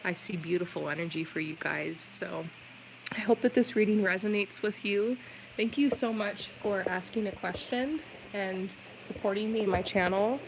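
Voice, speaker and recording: A woman doing a live-stream tarot reading, chatty and reassuring, with plenty of "like" and "um" fillers. Her voice sits at a middle pitch, and faint background noise runs under the stream. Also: moderate pace, vocal fry. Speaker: tarot reader.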